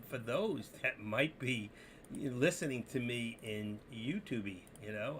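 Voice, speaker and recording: A man hosting a live trading stream, talking to viewers in an excitable, rambling, joking way. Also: medium pitch, slight background noise. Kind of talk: casual live-stream commentary.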